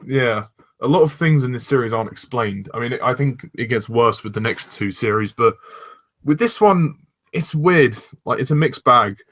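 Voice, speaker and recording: A young man chatting casually as a fan reviewer, relaxed and agreeable, steering the conversation. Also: mid-range voice, normal speed. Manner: relaxed, agreeable, leads the discussion. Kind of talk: casual chat.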